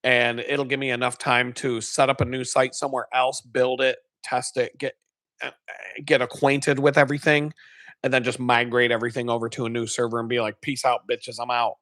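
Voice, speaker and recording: A man's voice: medium pitch, fairly quick, no echo, studio quality. Profane, fired-up man telling a story. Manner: profane, animated storytelling, acts out his own outbursts; swears heavily. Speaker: live stream host. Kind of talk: casual chat.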